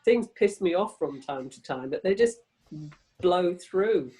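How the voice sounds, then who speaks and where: A woman's voice: on the low side, lively intonation, measured pace, mellow, poor audio. A woman in her sixties, a guest speaking casually over a video call, frank and rambling, swearing freely. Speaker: interview guest.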